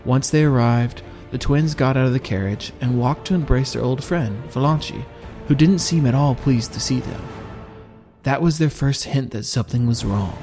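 Male storyteller, middle-pitched, steady and measured, with faint music underneath. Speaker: narrator. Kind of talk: first-person audiobook narration.

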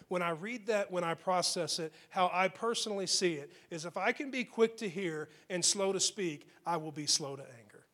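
A middle-aged male pastor delivers a sermon in a fairly high voice. He speaks earnestly, and he repeats his key phrases and slows right down to press on single words of scripture. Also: a bit bright.

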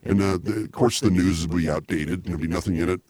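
A man hosting a comedy podcast, rambling excitably with many restarts. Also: deep voice, fast. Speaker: podcast host.

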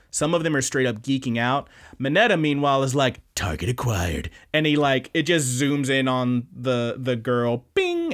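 A man hosting a podcast, casually recapping anime episodes with animated, profane storytelling. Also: mid-range voice. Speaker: podcast host.

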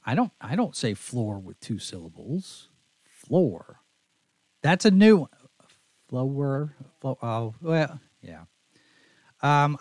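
Slow-talking host with a faint Texas twang. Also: male voice, a little high, a little mellow, dry recording. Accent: faint Texas Southern. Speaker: show host. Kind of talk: casual podcast chat.

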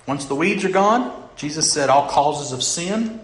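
A middle-aged male pastor preaching a sermon, who keeps asking the congregation questions and moves between loud emphasis and hushed lines. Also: a little high, expressive, a little slow. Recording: echoey room.

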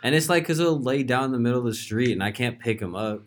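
A man's voice: medium pitch, quick pace, slight background noise. A young man hosting a casual podcast, talking loosely with lots of fillers. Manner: relaxed, filler-heavy, frequent "like". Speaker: podcast host. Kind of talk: casual chat.

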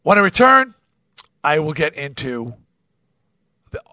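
Guy host telling a story, bouncy up-and-down voice, kinda high, acts out the back-and-forth, swears a lot. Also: measured pace, no echo, clean studio sound. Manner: animated, acts out quoted dialogue, swears freely. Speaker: podcast host. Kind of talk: casual storytelling monologue.

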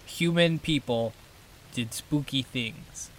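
A man's voice: takes it slowly, a bit bright. A young man co-hosting a casual podcast, goofy and playful with lots of jokes. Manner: goofy and playful, jumps between high and low. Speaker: podcast co-host.

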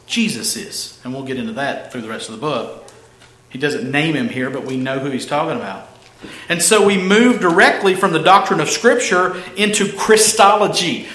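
A man delivers an expository sermon, pressing hard on key phrases and drawing them out slowly. His voice sits a little high and rings bright and forceful. The room echoes around him, with a faint ambience behind. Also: slight background noise. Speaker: pastor.

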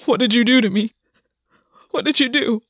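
A woman voicing a fragile, distraught young man whose voice comes out high, cracked and unsteady. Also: lively intonation, fast talker, fairly bright tone, dry recording, studio quality.

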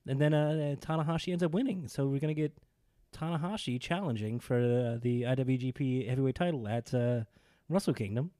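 A man co-hosting a casual podcast, talking about wrestling with rambling enthusiasm. His voice is mellow and dark. The sound is dry and close. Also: mid-range voice, brisk, smooth, dry recording. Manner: enthusiastic, rambling, animated when excited. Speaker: podcast co-host.

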